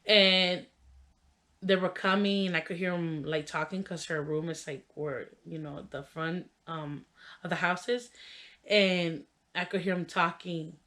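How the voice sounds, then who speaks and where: A woman's voice: fairly low pitch, steady tone, a little slow, bright, forceful tone. A young adult woman vlogger telling a funny childhood story in a casual, chatty way, full of "like" and "you know" fillers. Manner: laughs while telling the story.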